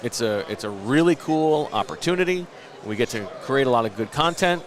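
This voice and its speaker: A man's voice: mid-range voice, expressive, a little fast. A man in his late thirties hosting a podcast, telling long self-mocking stories in casual chat. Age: late 30s. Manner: rambling, self-mocking storyteller. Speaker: podcast host.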